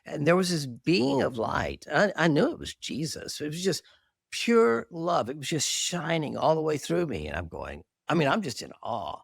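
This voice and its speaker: Middle-aged male therapist guest, fairly high voice, gravelly, expressive storyteller. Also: moderate pace, no echo, studio quality. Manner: animated, earnest testimony with self-deprecating laughs. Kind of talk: candid storytelling interview.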